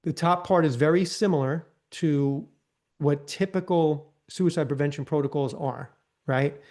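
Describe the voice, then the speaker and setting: Guy running a live training, mellow low-key voice, keeps saying right?, softens up for the sample lines. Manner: conversational, often tags lines with "right?"; acts out gentle counselor prompts in a softer voice. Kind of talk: live online training talk.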